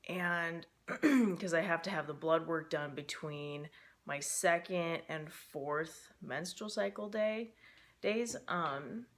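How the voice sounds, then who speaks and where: A woman's voice: fairly low pitch, slow pace. A young woman talking to camera in a casual personal vlog, rambling and emotional with many fillers, stressed and frustrated. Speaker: vlogger.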